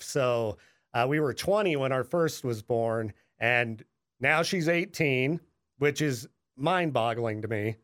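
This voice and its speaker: A man's voice: on the high side, fairly bright tone. A man in his late thirties hosting a podcast, easygoing and friendly, calling his guest man and dude. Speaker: podcast host. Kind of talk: casual chat.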